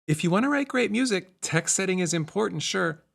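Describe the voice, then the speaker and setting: Lively-voiced man explaining music theory. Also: high-pitched. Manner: clear, measured explaining. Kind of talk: explanatory lesson narration.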